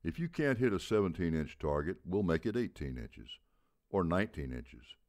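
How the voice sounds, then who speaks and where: A man with a very deep voice playing a gruff, blunt baseball coach in his seventies who barks out rhetorical questions. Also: very animated, normal speed, a little mellow. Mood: lecturing. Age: 70s. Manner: barking, booming rhetorical questions.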